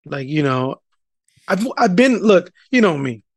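A man with a high, light voice tells a casual story, swearing freely and loudly acting out the people in it. The sound is dry and close, with no room echo. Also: unhurried. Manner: animated, profane, rant-like, acts out quoted people loudly. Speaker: podcast co-host telling a story. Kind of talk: casual profane storytelling chat.

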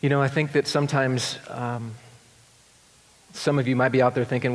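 A man preaching a sermon as pastor, swinging between excited rising questions and hushed, tender passages. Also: medium pitch, moderate pace, pauses often. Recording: long hall reverb.

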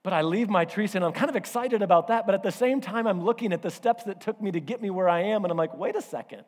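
A male pastor preaching a sermon, telling a personal story in an animated way and acting out voices and asides. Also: sits high, quick pace. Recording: hall reverb.

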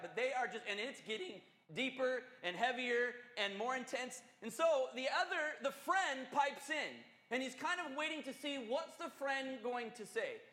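A male pastor preaching a sermon, telling a story in an animated, conversational and earnest way. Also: very high-pitched. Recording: echoey hall.

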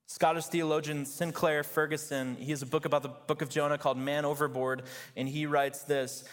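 A man preaching a sermon in an easy, chatty style and dropping in "like" and "you know" as he goes. His voice sits at an ordinary middle pitch for a man. The sound carries the long, ringing reverb of a large church hall. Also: little pitch movement, normal speed. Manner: conversational, full of "like" and "you know". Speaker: pastor.

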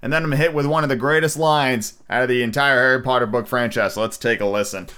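Tired, hoarse podcast host, casual and profane. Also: male voice, mid-range voice, fairly even intonation, quick pace, pushed and bright. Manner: loose, profane, jokey.

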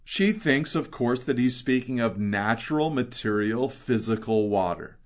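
A man preaching an expository sermon, reading scripture aloud and then retelling it in everyday words with earnest emphasis. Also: medium pitch. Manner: swells louder and slows on key phrases. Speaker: pastor.

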